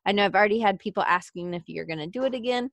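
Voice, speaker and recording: Woman podcast host, talky and giggly, dead dry sound, middle pitch. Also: racing, no room sound. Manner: chatty, giggly, reads listener comments aloud. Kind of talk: casual interview chat.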